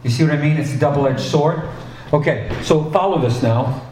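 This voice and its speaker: Animated preacher in an echoey hall. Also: male voice, fairly high pitch, normal speed, slight background noise. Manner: conversational, asides and restarts, animated emphasis. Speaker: pastor. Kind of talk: sermon. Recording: echoey hall, distant mic.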